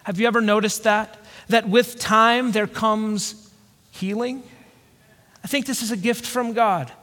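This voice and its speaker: A man from the American South preaching a sermon, earnest and reflective, with slow pauses. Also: sits high, steady tone, fairly bright tone. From Georgia, USA. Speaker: pastor. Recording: long hall reverb.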